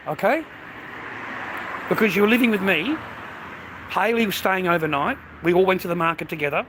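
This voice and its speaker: Australian man ranting outdoors, high-pitched, swearing a lot, loud traffic behind. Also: animated, fairly quick. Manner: agitated, profane, repeats himself, calls listener mate. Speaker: vlogger. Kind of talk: casual rant to camera. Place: outdoors by a road. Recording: outdoor street noise, traffic.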